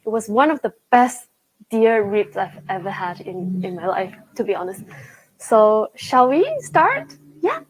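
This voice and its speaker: A young woman hosting a live travel vlog, chatting excitedly while tasting food at a restaurant. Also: on the high side, a little hiss or hum, poor audio. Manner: chatty and excitable, with frequent gasps and laughs. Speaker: travel show host. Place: indoors at a restaurant.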